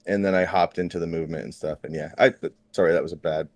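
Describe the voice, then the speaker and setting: Deep-voiced man rambling on a podcast. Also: steady tone, fast, darkish tone, dry recording, clean studio sound. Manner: rambling, self-correcting. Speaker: podcast regular. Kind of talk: casual podcast chat.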